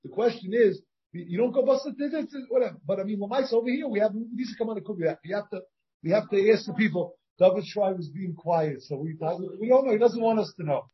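A man with a high-pitched, somewhat husky voice leads an informal Talmud lesson. He reasons out loud, breaks off and restarts his sentences, and keeps asking his students questions. The sound is dull and lo-fi, like a plain class recording. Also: expressive, brisk. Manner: thinks aloud, with many restarts and questions to the students. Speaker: rabbi teaching a Talmud class. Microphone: shared class recording, partly over a video call.

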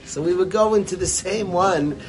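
A man telling a joke and drawing a lesson from it, in a lively, rambling way and sprinkling in Yiddish words. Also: high-pitched, moderate pace, noisy background. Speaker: storyteller and speaker. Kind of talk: animated storytelling talk with a lesson.

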